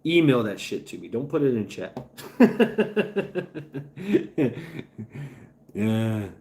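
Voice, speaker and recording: A man's voice: mid-range voice, sing-song, extremely slow, a little mellow. A man hosting a casual livestream, rambling and chatting with his viewers with stammering restarts and some swearing. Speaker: livestream host. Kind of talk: casual livestream chat, reading chat.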